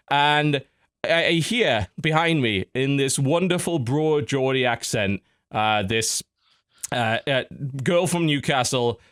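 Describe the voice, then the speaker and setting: A man's voice: mid-range voice, fairly bright tone. A man hosting a podcast in casual chat, telling stories with lots of restarts. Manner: chatty storyteller, many restarts. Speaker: podcast host.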